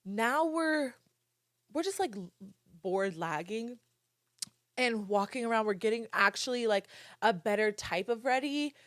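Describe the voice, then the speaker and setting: A young woman in her twenties hosting a podcast, telling a story in casual chat, animated and swearing freely while she acts out quotes. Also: a little high, unhurried, long pauses, dry recording, clean studio sound. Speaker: podcast host.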